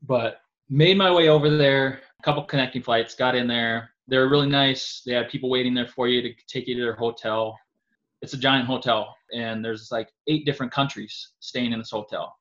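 A man's voice: medium pitch, steady tone, moderate pace, a bit bright. A man from North Dakota, a javelin thrower, telling long stories in a casual interview with lots of fillers. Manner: rambling storytelling with many fillers. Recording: dull lo-fi audio.

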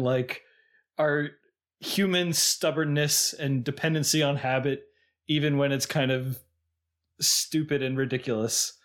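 A man co-hosting a podcast in casual chat, thoughtful and a bit hesitant, with restarts. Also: mid-range voice. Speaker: podcast co-host.

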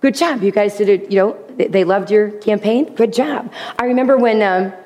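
A woman's voice: mid-range voice, warm tone. A middle-aged woman giving an earnest faith teaching to a group, acting out quoted speech in changing voices. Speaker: Bible teacher.

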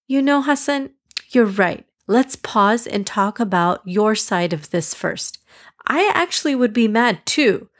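A patient, loving storybook mother, read by a woman, gentle and coaxing. The voice lifts a little above the reader's own. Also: fairly high pitch, lively intonation, measured pace. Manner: gentle, coaxing, slightly raised.

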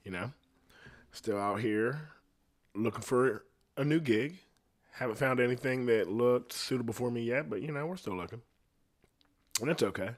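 A man's voice: medium pitch, moderate pace, long pauses. A man hosting his own podcast, talking casually in a rambling, profane way and laughing at his own jokes. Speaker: podcast host. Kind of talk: casual solo podcast rant.

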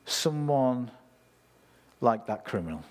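A man's voice: medium pitch, very animated, slow pace. A man preaching a sermon in a conversational way, talking straight to the congregation. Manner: conversational preaching, reads scripture, asks listeners.

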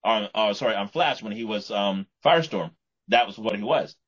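A man's voice: fairly low pitch, animated, normal speed, a bit bright, breathy edge. A man co-hosting a podcast, talking in a rambling way and often restarting his sentences. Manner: rambling, repeats and restarts words. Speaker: podcast co-host. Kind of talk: casual chat. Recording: muffled lo-fi podcast audio.

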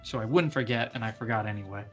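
A man's voice: on the low side, soft background music. A man playing a tabletop game, talking casually, laughing and stumbling over his words. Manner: laughing, halting, restarts often. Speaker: player.

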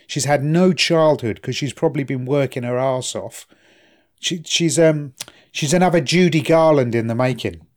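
A man's voice: medium pitch, moderate pace. A man with a middle-range voice talks through a story in casual chat. He explains things step by step and keeps checking for agreement as he goes. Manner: chatty, explaining, asks for agreement.

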